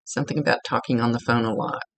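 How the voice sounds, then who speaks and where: A woman working as a psychic medium, giving a one-on-one reading and talking in a halting way, often searching for her words. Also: extremely low pitch, fairly even intonation, rough recording.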